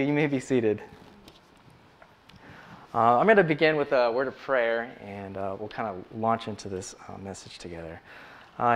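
A church elder giving a sermon, opening with a slow scripture reading, then talking in a relaxed way with many ums and uhs. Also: male voice, mid-range voice. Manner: conversational, frequent ums and uhs.

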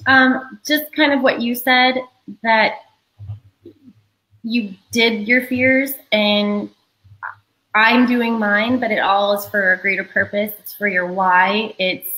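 A woman's voice: medium pitch, steady tone, slow, bright, forceful tone, rough recording. A young adult woman speaking as an interview guest, earnest and heartfelt. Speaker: guest, event co-founder. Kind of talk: casual interview chat.

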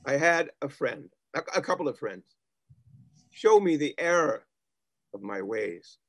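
Pitched fairly high and recorded dry, this man plays an old miser who has reformed and become tender and repentant. His amateur online performance is heavily acted, mixing heartfelt feeling with wry self-deprecation.

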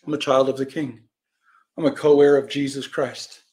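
A man preaching a Bible-study sermon in animated storytelling style, acting out quoted voices and swinging from loud cries to quiet asides. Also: medium pitch, moderate pace. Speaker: pastor teaching a Bible lesson.

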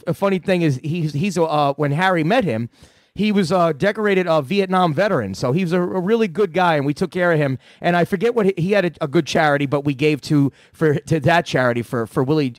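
Profane, rambling man with a high voice. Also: brisk, no room sound, clean studio sound. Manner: profane, rambling storytelling with many restarts. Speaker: prank-call comedian answering a fan. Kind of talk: casual radio chat.

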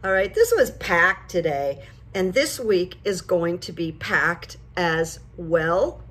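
A woman's voice: on the low side, slow. Chatty older woman vlogging. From United States. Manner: chatty, storytelling, animated when retelling. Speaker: vlogger and psychic coach. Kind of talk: casual talk to camera.

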